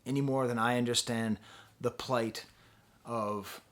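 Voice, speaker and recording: A man's voice: mid-range voice, fairly even intonation, a little slow, a bit bright. A man giving a casual spoken album review, musing and hesitant, often laughing between thoughts. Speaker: music reviewer.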